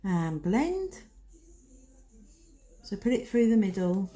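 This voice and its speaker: A woman's voice: mid-range voice, big pitch swings, slow pace, dark tone, a little hiss or hum. A woman giving a chatty, casual nail art tutorial, talking herself through each step as she paints. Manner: chatty, talks to herself while working.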